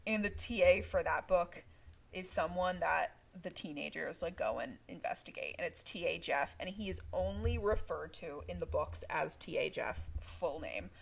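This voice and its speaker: A woman's voice: lowish voice, normal speed, creaky, noisy background. A woman co-hosting a book podcast, chatting casually with lots of laughing and fillers. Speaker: podcast co-host.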